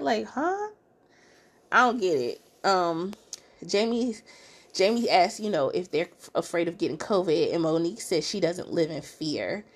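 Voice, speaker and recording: A woman hosting a podcast, giving a casual, chatty recap full of fillers and expressive asides. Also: medium pitch, moderate pace. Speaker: podcast host.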